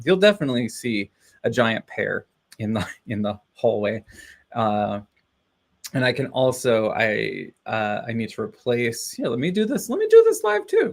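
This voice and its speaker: A man's voice: medium pitch, creaky. A man chatting casually on a live stream, rambling and cheering himself on with frequent laughs. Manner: rambling, self-encouraging, laughs often.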